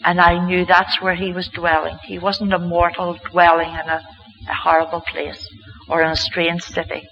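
A woman's voice: fairly low pitch, level tone, moderate pace, vocal fry, a little hiss or hum. A woman from Ireland, giving an earnest, heartfelt spoken religious testimony as a mother. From Northern Ireland. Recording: dull lo-fi recording.

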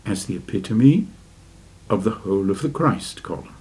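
A man giving a slow, deliberate spiritual lecture and asking his listeners rhetorical questions. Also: fairly low pitch, expressive, darkish tone. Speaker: religious teacher.

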